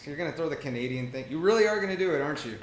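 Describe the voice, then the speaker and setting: Teasing co-host in a roomy room. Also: male voice, on the high side, lively intonation, rapid-fire. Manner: joking, rambling, teasing. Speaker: podcast co-host. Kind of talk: casual chat.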